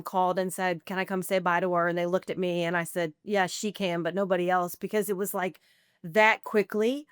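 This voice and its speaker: Woman in her 40s, guest on a podcast, clear smooth voice, lots of "like", opening up about her past. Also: medium pitch, no echo, clean studio sound. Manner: conversational, full of "like" and quoted self-talk. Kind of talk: candid personal recovery story.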